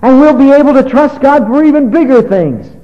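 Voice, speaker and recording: Animated preaching man, lo-fi recording. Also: very high-pitched, fairly quick. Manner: animated preaching, rising to emphatic peaks. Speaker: pastor. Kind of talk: sermon. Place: church service.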